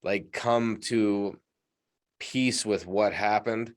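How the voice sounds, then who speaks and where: A man's voice: on the low side, fairly even intonation, extremely slow. A man hosting a podcast in casual chat, laughing often and reflecting at length. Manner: laughs often and adds short reactions, reflective when he talks longer. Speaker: podcast host.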